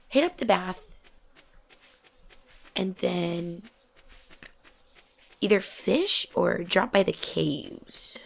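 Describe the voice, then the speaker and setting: Soft, gravelly woman gamer. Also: mid-range voice, big pitch swings, slow pace, long pauses. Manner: soft-spoken, often drops to a near whisper. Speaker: gaming channel host. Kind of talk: relaxed chat while playing a game.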